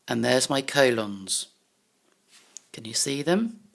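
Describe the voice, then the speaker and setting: A woman's voice: extremely low pitch, lively intonation, slow pace, vocal fry. A woman teaching young pupils in a recorded lesson, talking to them in an encouraging way. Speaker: primary school teacher. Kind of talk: recorded online lesson for children.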